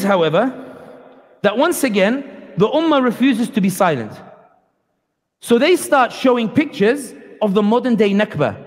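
A man giving a passionate, sarcastic public lecture at a community event, acting out quoted speakers. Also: high-pitched. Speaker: guest speaker. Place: community hall. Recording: long hall reverb.

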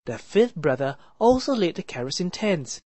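A woman narrating a children's counting story for a math lesson, reading in a clear, deliberate and expressive way. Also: on the low side, no echo. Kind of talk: slow read-aloud children's story narration.

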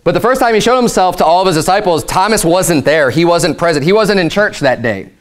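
Male pastor with a high voice, emphatic, animated sermon delivery. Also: brisk. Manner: animated, emphatic preaching, acts out quotes.

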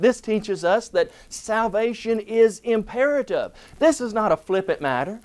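A man's voice: high voice, sing-song, darkish tone. Emphatic man teaching a Bible lesson. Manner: emphatic, stresses single words and slows on key phrases.

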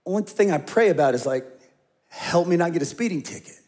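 A middle-aged man delivers a sermon in a relaxed, conversational way, his voice sitting a little high for a man. He moves between plain talk and quieter, hushed storytelling. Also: fairly quick. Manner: conversational preaching, dropping to hushed tones for stories. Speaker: pastor.

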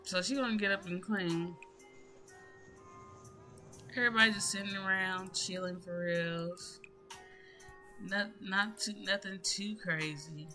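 A woman's voice: medium pitch, steady tone, unhurried, pauses often, bright, forceful tone. A woman giving casual, chatty gameplay commentary in slangy speech, addressing her viewers directly. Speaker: gaming YouTuber. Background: music.

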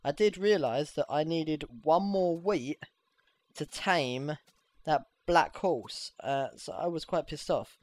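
A gamer giving casual, excitable gameplay commentary, swearing freely and squealing when things go well. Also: medium pitch, takes it slowly. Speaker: let's play gamer.

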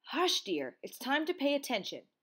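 A woman voicing a gentle, patient schoolteacher in a storybook read-aloud, speaking softly and coaxingly. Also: sits high, wildly swooping pitch, moderate pace, voice pushed up, heavily acted.

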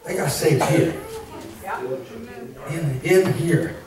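A man preaching a lively sermon as pastor, shouting, laughing and calling out to the congregation. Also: fairly high pitch, extremely slow, a little hiss or hum. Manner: preaching with call-and-response asides. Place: church sanctuary. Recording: very echoey church hall, mic at a distance.

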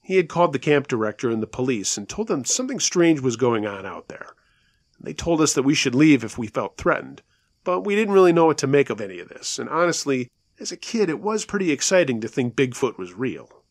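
A man telling a listener's true scary story in a conversational way, slowing down at the tense moments. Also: mid-range voice, very animated, no echo. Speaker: storyteller, show host.

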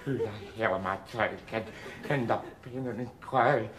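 A man's voice: on the low side, normal speed, a little hiss or hum, lightly acted. A man with a Glaswegian accent, playing a scruffy, sardonic middle-aged man in a jail cell who rambles and stammers through restarts. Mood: sardonic rant. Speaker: sitcom lead. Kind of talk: sitcom monologue.

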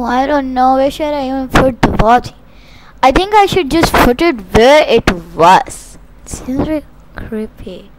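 A young woman giving playful, dramatic play-by-play of a zombie game, often shrieking in mock panic. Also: high voice. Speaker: gaming channel host.

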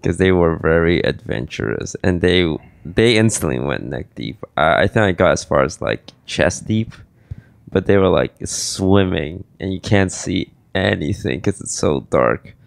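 A tired, groggy man co-hosting a casual podcast chat with a dry, deadpan delivery. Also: deep voice, a little slow, vocal fry, dry recording. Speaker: podcast co-host.

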